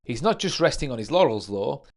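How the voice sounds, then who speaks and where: A man's voice: medium pitch, sing-song, a little fast. A man hosting a late-night football livestream in a casual tone, reading out notes and viewer comments and adding chatty asides. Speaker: livestream host.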